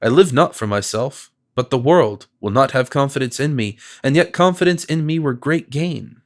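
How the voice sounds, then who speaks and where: A man voicing a smooth, persuasive confidence man. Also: mid-range voice, moderate pace, natural voice. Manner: gentle, persuasive and flattering. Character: smooth, solicitous male stranger, a confidence man.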